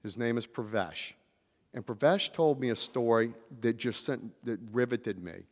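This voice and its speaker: A man telling lively stories to a convention audience, acting out the voices of the people in them. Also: medium pitch, measured pace. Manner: animated storyteller, acts out quotes, drawls "y'all". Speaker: convention panel speaker. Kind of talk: storytelling talk to a live audience. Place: large convention hall. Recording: reverberant convention hall.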